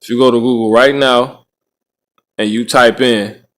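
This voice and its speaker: A man's voice: medium pitch, steady tone, measured pace. A man hosting a podcast of casual religious commentary, rambling, restarting phrases and tagging lines with "right?". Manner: rambling, frequent "right?" tag questions. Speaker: podcast host.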